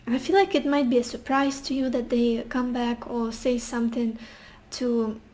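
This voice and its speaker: A woman's voice: fairly high pitch, fairly even intonation, moderate pace, a little mellow. A young woman giving a casual tarot reading, musing intuitively with sassy asides. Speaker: tarot reader.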